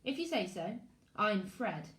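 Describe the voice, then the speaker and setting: A woman's voice: mid-range voice, very animated, measured pace, a bit bright. A woman voicing a shaken young boy, a crash survivor, who talks cautiously and breathlessly. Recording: echoey room.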